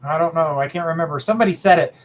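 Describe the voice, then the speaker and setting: Talking rapid-fire in a voice on the high side, this middle-aged psychic reader hosts a livestream. He's chatty and affectionate with his viewers, addressing them as sweetheart and honey.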